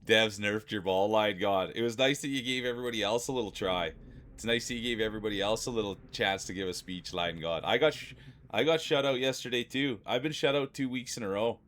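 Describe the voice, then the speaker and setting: A man streaming live from home, chatting casually and warmly with his viewers, greeting them by name and often repeating himself. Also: fairly low pitch, a little fast.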